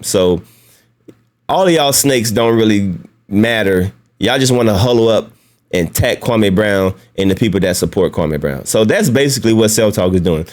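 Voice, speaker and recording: A man's voice: lowish voice, a little mellow. A man hosting a casual commentary video, talking bluntly and mockingly, often breaking into laughs. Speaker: YouTube commentary host.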